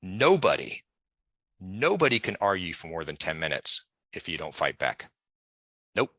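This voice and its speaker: A man's voice: low-pitched, big pitch swings, measured pace, pushed and bright, no room sound. A man guest in an interview, telling long casual stories and acting out the people he quotes. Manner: chatty, digressive, acts out quoted voices. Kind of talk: animated storytelling in conversation.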